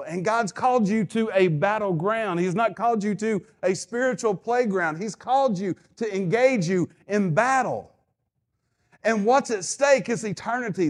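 A man preaches a sermon in a high voice. He drives his points home with repeated phrases and calls out to the congregation for responses. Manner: emphatic, repetitive preaching with call-and-response. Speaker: pastor.

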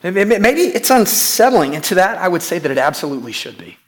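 A man's voice: high voice, big pitch swings, fairly quick. A pastor preaching to his church in an emphatic way, repeating key phrases and putting questions to the congregation. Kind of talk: sermon.

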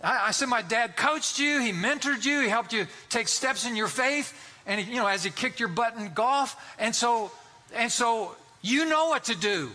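Preacher in his sixties, high voice, very bright tone, folksy and emphatic, sermon delivery. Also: lively intonation, moderate pace. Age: 60s. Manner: folksy storytelling, emphatic exhortation. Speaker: pastor.

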